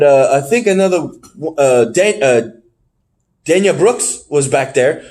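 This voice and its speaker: A man co-hosting a podcast, recapping wrestling shows in casual chat, animated and swearing freely. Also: unhurried. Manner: animated, swearing, jumps in pitch when surprised. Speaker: podcast co-host.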